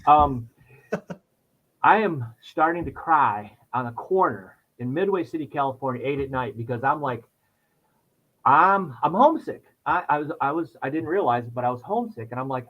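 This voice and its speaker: Animated man telling a story, lo-fi sound. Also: moderate pace. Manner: animated storyteller, voice jumps high when acting out his past self. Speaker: podcast guest. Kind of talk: storytelling in casual chat.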